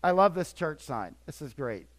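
An older man preaching a sermon as pastor, swinging between quiet asides and emphatic, repetitive points. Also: fairly high pitch, sing-song, moderate pace.

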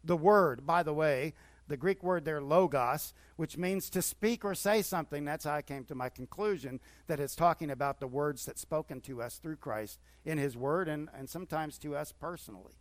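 A man's voice: on the high side, normal speed, no room sound. A middle-aged male pastor preaching conversationally, with repeated surges of enthusiasm. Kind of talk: sermon.

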